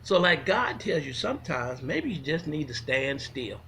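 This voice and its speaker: A man telling comic stories in a folksy, animated way, swinging from loud to hushed. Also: on the high side, moderate pace, slight background noise. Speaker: storyteller. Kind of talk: comic storytelling monologue.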